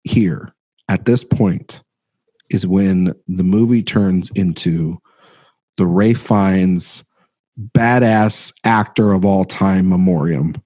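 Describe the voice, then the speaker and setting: Low, mellow-voiced man chatting about films. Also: no echo. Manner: halting, many restarts, trails off quietly. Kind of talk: casual film discussion.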